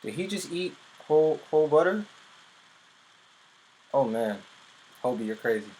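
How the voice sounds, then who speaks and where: A man who works as a music producer, giving casual reaction commentary on a music video in an excitable, rambling way and often breaking off mid-sentence. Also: a little high, measured pace.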